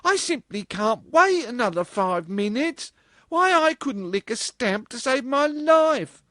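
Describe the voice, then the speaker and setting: A man's voice: very high-pitched, very animated, a little slow, sharp tone, dry recording, studio quality, voice pushed up, full character voice. A man voicing a dramatic, gushing young woman clerk who wails and pleads. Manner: wailing, breathless, theatrical. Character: shrill gushing young office girl, dramatic.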